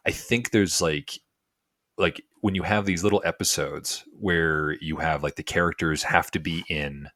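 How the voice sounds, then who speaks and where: A man's voice: low voice, fairly even intonation, a little slow, pushed and bright, no echo, clean studio sound. A man co-hosting a podcast, giving a rambling, casual episode review full of fillers and restarts. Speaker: podcast co-host.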